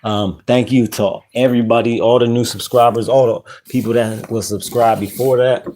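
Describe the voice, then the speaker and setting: A man hosting a casual live stream, greeting viewers by name in relaxed slang. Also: mid-range voice, normal speed. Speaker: channel host.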